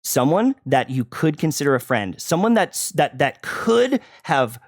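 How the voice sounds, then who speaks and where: A streamer hosting his show gets into a heated online argument over a call, agitated and confrontational, stumbling into restarts. His voice is a little high and very animated, with a slightly slow pace.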